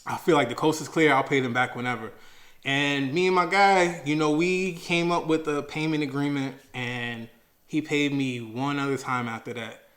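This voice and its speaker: A young man from Maryland tells his own story in loose, slangy speech. He acts out his past arguments, jumping up in pitch and loudness when he gets worked up. At the heavy parts he drops low and quiet. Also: fairly even intonation, normal speed. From Maryland, USA. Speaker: storyteller sharing a personal finance story. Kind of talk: casual storytelling.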